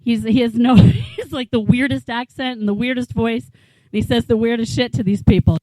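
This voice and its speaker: Her voice is on the high side yet dark in tone, moving at normal speed, as this New England stand-up comic in her forties rambles incredulously through a small-bar set, swearing freely. The recording is rough and has no echo.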